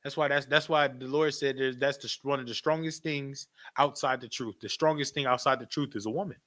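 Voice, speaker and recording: Speaking briskly at medium pitch, this class teacher preaches casually, animated and repetitive. He keeps turning to the audience with asides and often breaks into laughter mid-sentence.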